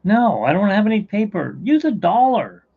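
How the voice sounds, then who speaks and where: Man doing a field worker character, exasperated, scolding, high-pitched, gravelly, dull audio. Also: very animated, moderate pace, full character voice. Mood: impatient. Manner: shrill, scolding, bossy.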